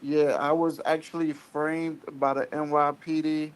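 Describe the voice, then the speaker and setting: A man in his twenties from Staten Island, calling in to a live stream and earnestly telling his story with halting restarts. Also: a little high, level tone, clean tone, rough recording. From Staten Island, New York. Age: 20s. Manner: earnest, halting, repeats himself. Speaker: caller guest.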